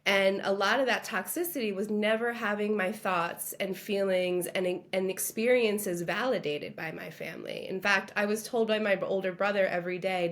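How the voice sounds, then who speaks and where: A woman's voice: mid-range voice, moderate pace, hardly any pauses, fairly bright tone. Podcast guest: woman from Long Island, earnest, reflective personal storytelling. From Long Island, New York.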